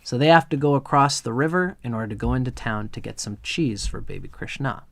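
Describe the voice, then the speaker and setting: A man's voice: medium pitch, lively intonation, fairly quick, vocal fry, a bit bright, no echo. A man giving a live astrology chart reading, earnest and meandering, drifting into storytelling.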